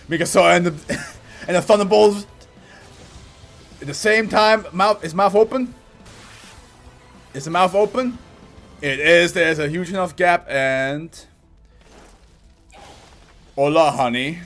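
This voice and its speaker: A man reacting out loud to an anime episode, laughing, swearing and talking back to the screen. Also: sits high, slow, long pauses, faint music behind. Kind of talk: casual reaction commentary.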